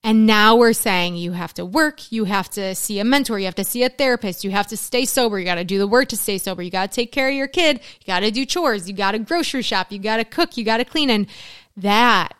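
A mother of four in her middle years, talking in an earnest, conversational way that runs into long lists. Her voice is smooth and resonant at a mid pitch, recorded close and dry with no room sound. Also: brisk, fairly bright tone, no echo. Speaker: guest, works with mothers in recovery. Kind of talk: casual conversation.

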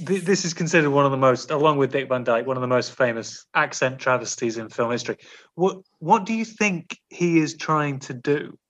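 Male podcast host, middling pitch, teasing and a little formal. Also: lively intonation, brisk, muffled recording. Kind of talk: casual chat.

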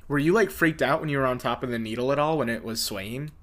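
A man's voice: medium pitch, fast talker, a bit bright. Man from Southern California, casual co-host, dry teasing jokes and curious questions. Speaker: podcast co-host. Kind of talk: casual chat.

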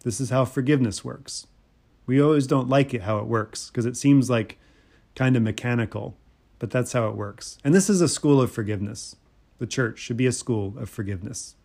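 A male pastor preaching a sermon in a relaxed, conversational manner. His voice sits at a middle pitch, and he often pauses on fillers and repeats phrases for emphasis. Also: gravelly.

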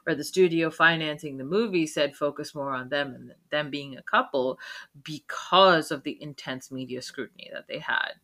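A woman's voice: sits low, moderate pace, fairly bright tone. A woman co-hosting a podcast, talking brashly with profanity and comic exaggeration. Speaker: podcast co-host. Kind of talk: casual chat.

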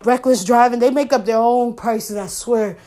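Picture a young woman spinning a wild personal story straight to her listeners. Her voice sits a little high, with loose, profane chatter, and she playacts the voices in her tale. She sounds unscripted, like she is talking to friends. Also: normal speed. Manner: animated, profane, laughing, acts out her own lines. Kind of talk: casual storytime monologue.

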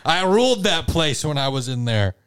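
A man voicing a big-bellied, loyal tough-guy thug in an improvised comedy role-play, with a gravelly low drawl. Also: sing-song, normal speed, fairly bright tone, no room sound. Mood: gruff.

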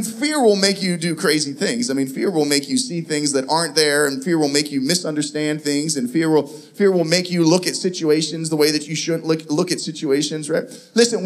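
Animated high-voiced man preaching a sermon. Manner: animated storytelling, acts out voices, laughs often. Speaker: pastor.

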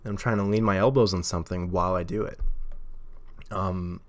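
The voice is low with fairly even intonation and a moderate pace. It belongs to a man hosting his own podcast at home, talking loosely into a desk mic at a table, with many fillers and regular bursts of laughter.

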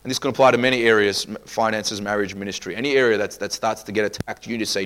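A man's voice: fairly low pitch, fairly even intonation, racing, few pauses, a bit bright. A man preaching a sermon as pastor, emphatic, acting out quoted people in asides.

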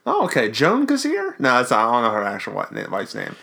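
Jokey excitable guy hosting a podcast, voice jumps all over. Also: medium pitch, a little fast, gravelly. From Baltimore area. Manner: jokey, excitable, self-mocking. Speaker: podcast co-host. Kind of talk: casual chat.

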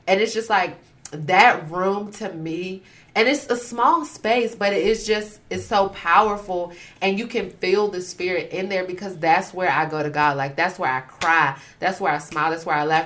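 A young woman with a slightly low voice, chatting casually on a faith podcast. She talks expressively and playfully, tossing in quick asides. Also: fairly bright tone. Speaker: podcast co-host.

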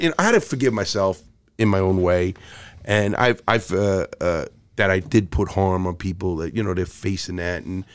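With a voice on the low side and a normal speaking speed, a middle-aged former jewel thief tells stories as a podcast guest. The interview is casual, and he's blunt, profane, and frequently starts over.

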